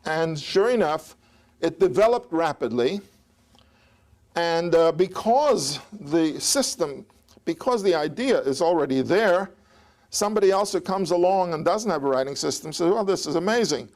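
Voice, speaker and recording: A man's voice: on the high side, lively intonation, unhurried, a little mellow. A man lecturing on ancient history in a digressive, anecdotal way, with chuckles and restarts. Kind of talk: academic lecture.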